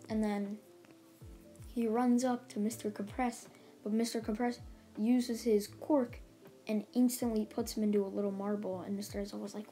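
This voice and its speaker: A woman's voice: medium pitch, flat delivery, normal speed, long pauses, warm tone. A woman casually retelling a story as a channel host, stringing events together with "and then he's like.". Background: faint background music.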